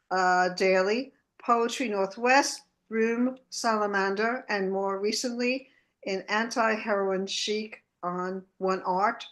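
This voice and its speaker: A woman hosting a poetry reading on a video call, introducing readers with halting, friendly remarks. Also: medium pitch, a bit bright. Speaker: open mic host.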